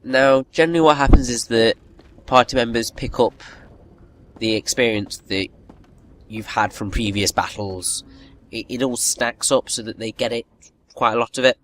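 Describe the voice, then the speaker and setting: Game music plays under this gaming video host's chatty, rambling commentary as he plays, with slight background noise. His voice is medium-pitched, a bit bright, and moderately paced, and he keeps restarting sentences and mocking himself.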